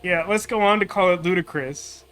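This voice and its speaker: A man's voice: high-pitched, normal speed, fairly bright tone. A man commenting on a video game in a wry, rambling way with lots of fillers. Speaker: gaming streamer. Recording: game music playing faintly behind.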